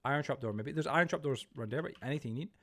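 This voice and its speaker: A young man hosts a casual livestream, rambling quickly through chat messages and game plans. His voice sits at an ordinary middle pitch. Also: fairly bright tone. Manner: rambling, reads chat aloud. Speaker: streamer. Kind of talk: casual live-stream chat.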